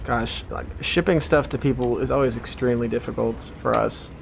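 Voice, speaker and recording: A man's voice: mid-range voice, steady tone, a little fast, creaky. A man streaming a tank game, chatting casually with a wry, self-deprecating grumble. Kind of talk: casual gaming chat. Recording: faint background noise.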